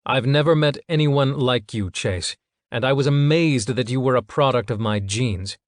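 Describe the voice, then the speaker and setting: A man reading an audiobook, voicing a cold, calculating middle-aged father who speaks in a measured, clinical way. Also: medium pitch, no echo, studio quality, voice pushed up, close to an everyday voice.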